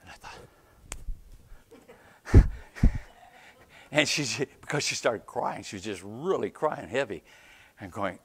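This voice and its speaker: Lively-voiced preacher man telling a story. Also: medium pitch, a little slow, pauses often. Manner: animated, keeps asking "right?", laughs between lines. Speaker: pastor. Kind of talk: storytelling sermon. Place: church.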